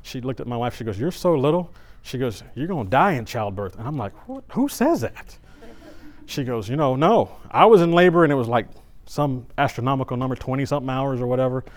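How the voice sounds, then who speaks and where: Preaching at church, this middle-aged man recounts a personal story with animated, conversational energy, frequently starting over mid-thought. He talks quickly at a medium pitch.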